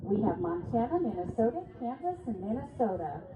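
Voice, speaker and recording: A woman announcing results and reading rules over an arena PA at a horseback event, measured and deliberate, apologizing when she stumbles over names. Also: fairly high pitch, sing-song, phone-quality sound. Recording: echoey arena PA, phone-thin, noisy.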